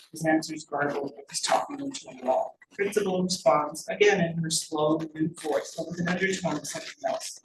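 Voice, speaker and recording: Woman reading her novel aloud. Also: low-pitched. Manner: measured storytelling. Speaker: author. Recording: roomy, distant mic, faint noise.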